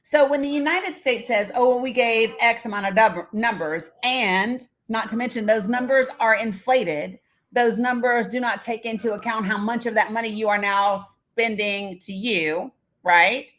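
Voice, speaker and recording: A woman's voice: fairly high pitch, a little slow, fairly bright tone. A middle-aged woman hosting a live stream in casual chat, talking straight to her viewers by name, blunt and swearing freely.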